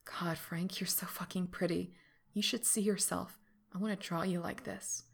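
A woman's voice: fairly even intonation, normal speed, gravelly, slightly rough. A woman whispering as a teasing young man. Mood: murmuring. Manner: low murmuring whisper. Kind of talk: whispered role-play.

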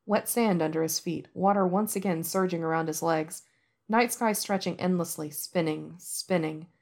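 A woman narrating a fan-fiction audiobook in a soft, measured storytelling manner. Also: fairly low pitch.

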